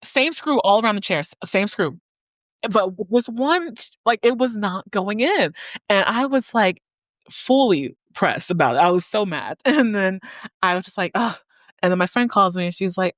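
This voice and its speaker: Her lowish, fairly bright voice moves fast with lively intonation as this podcast host tells a personal story in a loose, chatty way. She strings ideas together with plenty of "like" and easy laughs, and the audio is dry and close.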